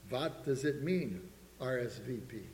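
A man's voice: medium pitch, expressive, a little slow, darkish tone, slight background noise, lightly acted. A man voicing an immigrant husband with an Eastern European accent, puzzling over a wedding invitation. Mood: puzzled. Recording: echoey hall reverb.

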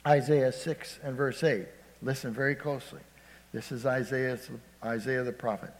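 A male pastor delivering a sermon, his voice at a mid pitch. He rises to loud emphasis and drops to hushed storytelling, calling "Amen?" to the congregation. Long reverb trails his words through a church hall. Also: steady tone, normal speed. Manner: preaching with frequent "Amen?" calls, swinging from loud to hushed.

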